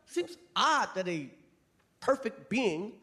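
High-voiced profane stand-up comic man. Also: slow. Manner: profane, animated, shouting punchlines. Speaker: stand-up comedian. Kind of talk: stand-up routine. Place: comedy club stage before a laughing crowd. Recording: live crowd laughter and noise.

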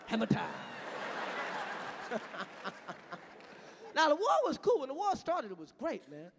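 A man doing a live stand-up routine, profane and animated, shouting his punchlines. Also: very high-pitched, a little slow, noisy background. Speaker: stand-up comedian. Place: stage in a large hall. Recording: live venue with reverb and audience.

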